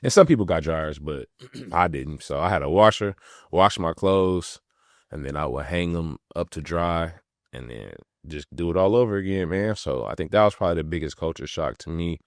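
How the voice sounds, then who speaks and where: A young man from California, a podcast host and former pro athlete, telling stories in relaxed slangy talk with frequent laughs. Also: sits low, moderate pace, no room sound, clean studio sound. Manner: laid-back slangy talk, laughs often. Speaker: podcast host, retired pro basketball player. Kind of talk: casual storytelling.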